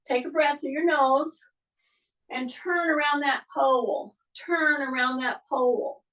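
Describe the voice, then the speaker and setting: High-voiced woman coaching an exercise class. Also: steady tone, measured pace, recorded from a distance, muffled recording. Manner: coaching, step-by-step cues with frequent "okay?". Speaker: fitness instructor.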